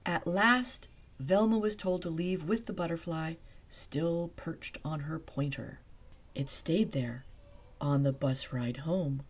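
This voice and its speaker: Woman, bedtime story narration, unhurried pace, soft and dreamy. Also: low voice.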